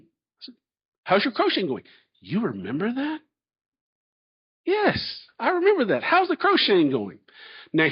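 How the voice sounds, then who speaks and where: A man's voice: medium pitch, slightly rough. A middle-aged man, a candidate answering questions in a public forum in a folksy, storytelling way. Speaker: chancellor candidate. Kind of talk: public Q&A presentation. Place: large hall. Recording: dull lo-fi audio.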